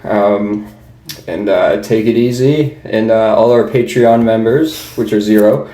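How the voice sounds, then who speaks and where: A man's voice: fairly low pitch, measured pace, dark tone. A young man co-hosting a casual podcast chat, laughing often and mimicking people in his stories. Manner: laughing storyteller, imitates people he met. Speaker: podcast co-host. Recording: roomy echo.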